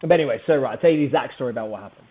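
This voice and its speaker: A man, a podcast guest, telling a story in a casual, animated, self-mocking way and laughing often. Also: mid-range voice, very fast. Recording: phone-like narrow band.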